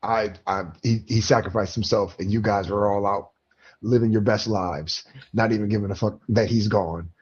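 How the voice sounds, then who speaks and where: A man's voice: fairly low pitch, fairly even intonation, normal speed, darkish tone, slightly rough, muffled recording. A man co-hosting a show review, ranting emotionally with swearing and laughter. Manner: emotional, profane, laughing rant. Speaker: podcast co-host. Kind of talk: casual review chat.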